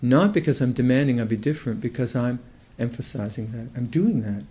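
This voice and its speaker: A reflective dharma talk comes from an older man, a Buddhist meditation teacher, whose mid-range voice carries a dark tone. He speaks in a thoughtful, halting way and often restarts sentences.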